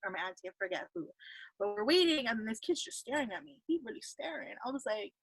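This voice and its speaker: A woman's voice: fairly high pitch, animated, quick pace, fairly bright tone, slightly rough, dry recording. A woman in her twenties, a podcast host, chatting casually and telling stories with lots of fillers. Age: 20s. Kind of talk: casual chat.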